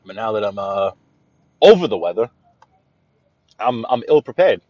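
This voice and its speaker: A man with a New York accent chatting to viewers while driving, greeting them by name and often clearing his throat. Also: mid-range voice, fairly bright tone, no room sound, lo-fi sound. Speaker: livestream host driving. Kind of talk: casual live-stream chat while driving. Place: inside a car on city streets.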